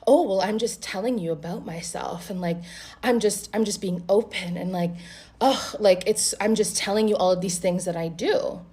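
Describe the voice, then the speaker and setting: A woman's voice: medium pitch, normal speed, warm tone, breathy edge, close to an everyday voice. A woman voicing a pushy man on a first date who rambles defensively.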